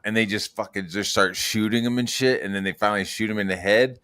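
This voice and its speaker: Profane rambling man, low voice. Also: fast talker, few pauses, clear, resonant tone. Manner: profane, rambling storyteller with loud excited outbursts. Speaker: podcast co-host. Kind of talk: crude casual chat.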